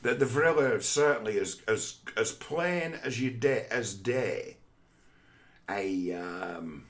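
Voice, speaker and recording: A man's voice: on the low side, expressive, slow. A man in a casual, rambling monologue, swearing often and talking conversationally.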